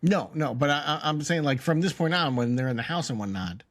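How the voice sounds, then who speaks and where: A man's voice: fairly high pitch, a little fast. A man co-hosting a podcast, chatting casually about an episode and arguing his points back and forth. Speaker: podcast co-host. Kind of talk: casual recap chat.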